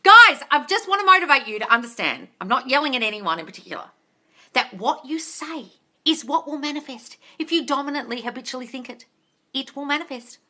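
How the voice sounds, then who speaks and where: A woman's voice: high voice, expressive, a little fast, bright, forceful tone. A young woman running a livestream Q&A as a manifestation coach, blunt and sweary, stressing her points and reading viewers' comments aloud. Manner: blunt, sweary, emphatic, reads chat aloud. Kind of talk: ranting livestream Q&A.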